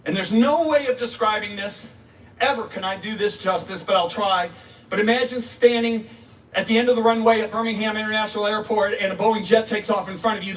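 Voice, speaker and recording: A man's voice: sits high, fairly bright tone. A male preacher telling a story in a sermon, dramatic and emphatic, acting out the voices, recorded on a distant mic. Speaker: preacher, guest speaker.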